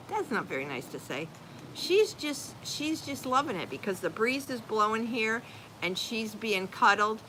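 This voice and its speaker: Chatty older woman with a bright voice. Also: mid-range voice, expressive, unhurried, a little hiss or hum, low-quality recording. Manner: chatty, spells names letter by letter. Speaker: channel host reading viewer comments. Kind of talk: casual live-stream chat. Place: outdoors, rain and breeze.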